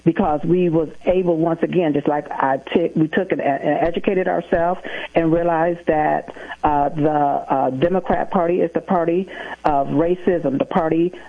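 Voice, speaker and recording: A husky-voiced woman speaks down a tinny phone line. She talks emphatically, piling up points in repeated lists, and sounds like a phone-in guest on a political talk show. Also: low-pitched, steady tone, moderate pace.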